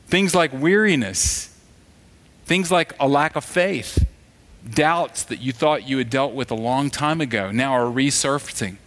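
A man's voice: medium pitch, unhurried, fairly bright tone. A man preaching a sermon in a conversational, storytelling way, acting out the voices of the people in his stories. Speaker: pastor.

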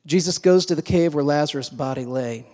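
A man preaching a sermon, moving between hushed, slow passages and emphatic, raised ones. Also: a little high. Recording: long hall reverb.

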